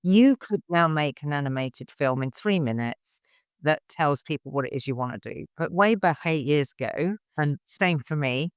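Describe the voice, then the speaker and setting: A man's voice: fairly high pitch, lively intonation, moderate pace, clear, resonant tone, dry recording, studio quality. A man hosting a podcast interview, talking in a rambling, reflective way with lots of restarts. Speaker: podcast host. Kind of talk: conversational interview.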